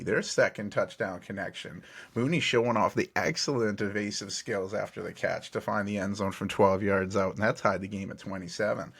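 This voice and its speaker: A man's voice: fairly low pitch, a bit bright. A man hosting a sports podcast, recapping football games in an upbeat play-by-play way and often correcting himself mid-sentence. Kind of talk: game recap narration.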